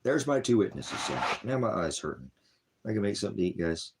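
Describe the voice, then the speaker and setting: A man giving a rambling, informal sermon as a preacher, combative and profane, often clearing his throat. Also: sits low, lively intonation, fast, background noise. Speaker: street preacher.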